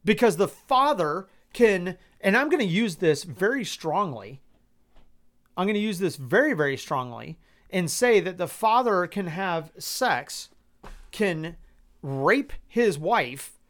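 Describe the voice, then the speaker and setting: Male podcast host with a somewhat high voice, blunt and incredulous, heavy swearing, frequent restarts. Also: sing-song, slow, fairly bright tone. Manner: exasperated, swears a lot, stammering restarts; incredulous rhetorical questions. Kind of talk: personal commentary podcast.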